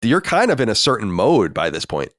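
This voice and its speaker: A man's voice: fairly low pitch, huge pitch swings, fairly quick, a bit bright, no echo, studio quality. A man co-hosting a video game podcast, chatting casually with many restarts and fillers. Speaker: podcast co-host. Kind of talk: casual chat.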